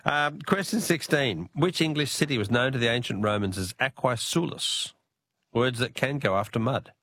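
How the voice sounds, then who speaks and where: A man hosting a talkback radio quiz, chatty and quick to laugh. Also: mid-range voice, fairly bright tone, no room sound, clean studio sound.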